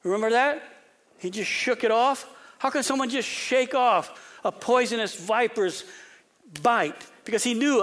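A pastor preaching an animated sermon, often repeating words and dropping to a whisper for emphasis. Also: male voice, extremely high pitch, measured pace. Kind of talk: expository sermon.

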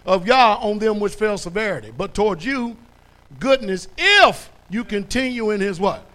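A man preaching a sermon as pastor, blunt and folksy, who quizzes his congregation with "what?" and builds to loud, emphatic stretches. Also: high-pitched, animated, moderate pace.

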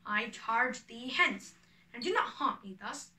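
A woman's voice: fairly high pitch, expressive, slow, sharp tone, echoey room, full character voice. A woman reading a curt, cold young man. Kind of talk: reading a play aloud.

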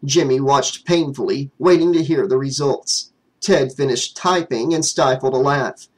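A man's voice: mid-range voice, measured pace, rough recording. A man narrating a fan novel as an audiobook, reading steadily.

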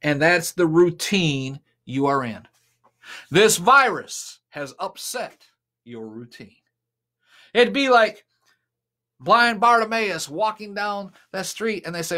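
A man's voice: high voice, lively intonation, slow pace, pushed and bright. A man preaching a sermon and retelling a scripture story with dramatic, emphatic delivery. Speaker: pastor.

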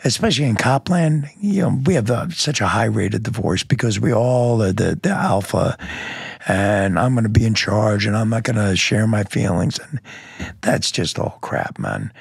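Gravelly, husky man telling a blunt story. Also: lowish voice, moderate pace, no echo, clean studio sound. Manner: earnest, blunt, plainspoken with mild cursing. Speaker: police lieutenant guest. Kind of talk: candid interview storytelling.

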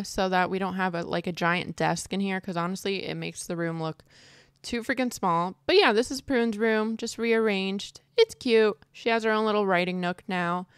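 A young woman giving casual let's-play commentary, chatty and excitable, squealing at cute moments. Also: mid-range voice, clean tone. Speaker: gaming video creator.

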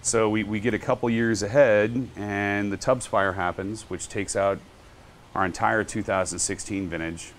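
A man's voice: lowish voice, normal speed, a little hiss or hum. A man, a winemaker, telling stories in a casual podcast interview and acting out what others said. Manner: animated storyteller, acts out quotes. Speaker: guest winery owner and winemaker.

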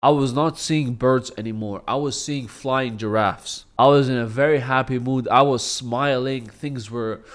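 A young man recounting a personal story for his vlog in a casual, laid-back way. He jokes, swears freely and pokes fun at himself, his voice at an ordinary middle pitch. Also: steady tone, unhurried, few pauses. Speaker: vlogger.

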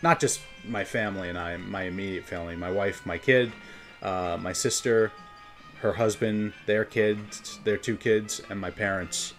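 A man's voice: lowish voice, moderate pace. A man from New York with a New York accent, chatting casually as a game streamer and rambling between topics. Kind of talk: casual gameplay commentary. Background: faint game music.

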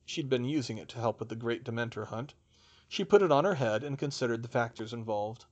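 A man reading a fantasy story aloud as its narrator, in an expressive style. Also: mid-range voice, brisk, dull audio. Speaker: audiobook narrator.

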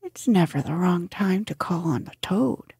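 A woman's voice: lowish voice, expressive, unhurried, a little mellow, dry recording, studio quality, full character voice. A woman whispering the part of a cheerful, good-natured male water rat in a storybook, as whispered role-play, eager and hearty in manner. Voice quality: breathy whisper.

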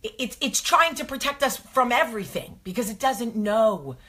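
A woman's voice: on the high side, animated, normal speed, bright, forceful tone, slightly rough. A woman host, talking casually and animatedly to her viewers, asking rhetorical questions. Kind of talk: casual motivational talk to viewers.

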